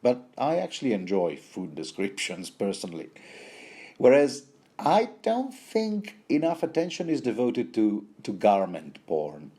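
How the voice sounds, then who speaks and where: Low, mellow man rambling through a book. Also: huge pitch swings, unhurried, breathy edge. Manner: rambling, digressive, wry. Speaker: book commentator. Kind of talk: rambling casual commentary.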